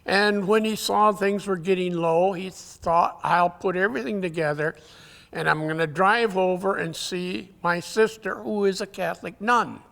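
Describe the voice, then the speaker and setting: A man giving a conference talk, telling jokes in a folksy, halting way, his voice weakened, often clearing his throat. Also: high-pitched, a bit bright. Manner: folksy, halting storyteller with many uhs. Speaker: conference speaker. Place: conference hall. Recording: long hall reverb.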